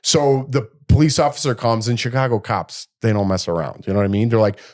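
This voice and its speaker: Animated middle-aged man telling a story. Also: medium pitch, brisk. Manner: animated, acts out quotes in a raised voice. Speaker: podcast co-host. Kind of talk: casual storytelling chat.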